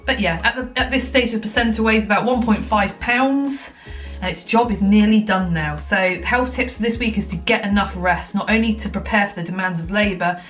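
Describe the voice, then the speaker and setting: Filming herself indoors at home, a young British vlogger rambles casually to camera, somewhat out of breath and full of ums and likes. Her voice is medium in pitch with a fairly bright tone.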